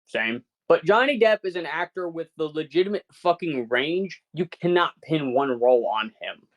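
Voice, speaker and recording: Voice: medium pitch, lively intonation, moderate pace. Ranting, foul-mouthed podcast co-host. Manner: ranting, heavy swearing, incredulous. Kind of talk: casual podcast chat.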